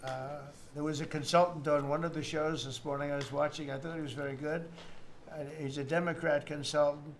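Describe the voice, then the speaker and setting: An American politician in his seventies makes rambling, repetitive, boastful off-the-cuff remarks with mocking asides at a meeting in an indoor room. His voice is fairly high and fairly quick with little pitch movement, and there is slight background noise.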